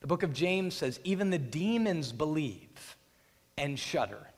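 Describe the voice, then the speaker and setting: Guy preaching, big swoopy high voice, long echo from the hall. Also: sing-song, unhurried, breathy edge. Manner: dramatic storytelling, acts out voices, builds to loud peaks. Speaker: pastor. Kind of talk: sermon. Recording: long reverb of a large hall.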